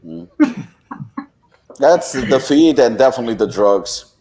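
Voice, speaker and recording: A man's voice: mid-range voice, expressive, slow, warm tone. A man on a podcast panel, blunt and jokey in casual chat.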